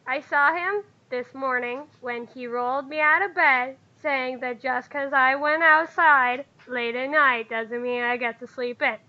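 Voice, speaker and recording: A woman voicing a frightened little princess in a tabletop game, quiet and pleading. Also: sits high, fairly even intonation, a little slow, few pauses, muffled recording. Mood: worried. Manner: whispery, pleading. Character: scared little princess girl.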